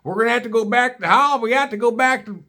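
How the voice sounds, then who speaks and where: An ornery older redneck father with a Kentucky drawl hollers orders and gripes in a high, strained voice, as a man puts him on. He sounds pushy and fed up, swearing as he goes. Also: quick pace, bright, forceful tone, full character voice. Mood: frustrated. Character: angry older redneck tree-cutter father.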